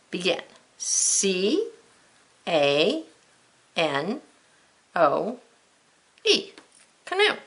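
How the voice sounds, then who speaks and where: A woman's voice: medium pitch, fairly bright tone. A woman teaching a children's spelling lesson, who spells words letter by letter and thinks aloud, step by step, in a patient way.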